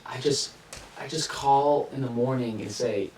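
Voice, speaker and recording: A man hosting a casual podcast chat, relaxed and halting, often repeating words as he gets going. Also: mid-range voice. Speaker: podcast host. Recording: echoey room, distant mic, faint hiss.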